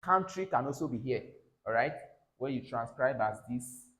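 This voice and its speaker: A man's voice: medium pitch, expressive, normal speed, a bit bright, poor audio. Nigerian man teaching English sounds. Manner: repeats words, checks in with "all right?". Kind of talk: classroom pronunciation lesson.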